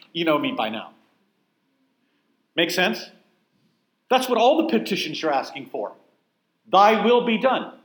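A man's voice: high voice, a bit bright, reverberant, poor audio. A man teaching a Bible class in a conversational, emphatic way, often putting questions to his listeners. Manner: emphatic, asks the room questions.

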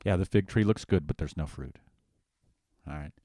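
A man co-hosting a conversational Bible study, animated, acting out voices for emphasis. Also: low-pitched, moderate pace, no echo, studio quality.

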